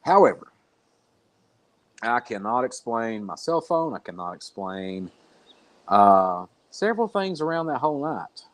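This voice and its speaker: A man tells a long, rambling story as a podcast guest, blunt and casual, and lets a swear word slip now and then. His voice sits at an ordinary middle pitch. He comes through a remote call line with a close, dry sound and no room echo. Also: sing-song, measured pace, long pauses.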